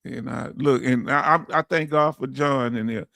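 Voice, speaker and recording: A man hosts a casual livestream, reading viewer comments aloud and warmly, emotionally calling his audience family. His medium-pitched voice is creaky with a sharp tone at a moderate pace, recorded dry with clean studio sound.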